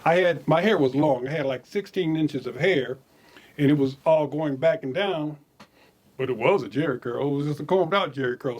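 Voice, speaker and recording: A man casually telling stories from his own life, animated, chuckling and repeating words as he goes. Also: on the high side. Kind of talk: casual spoken memoir storytelling.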